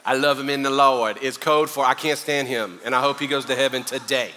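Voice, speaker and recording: A middle-aged man with a Southern accent preaching a sermon, animated and joking, swinging between loud and quiet. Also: mid-range voice, fairly quick, background noise. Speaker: pastor. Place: church sanctuary. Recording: long hall reverb.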